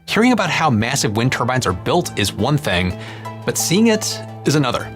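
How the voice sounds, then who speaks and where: A man's voice: mid-range voice, moderate pace, soft background music. A man giving polished scripted narration as a video host. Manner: polished, even delivery.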